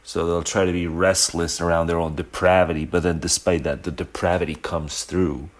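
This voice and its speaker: A man's voice: deep voice, flat delivery, moderate pace. A man giving casual, rambling commentary from home, sardonic and mocking, laughing often as he talks over a played reading. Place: home kitchen.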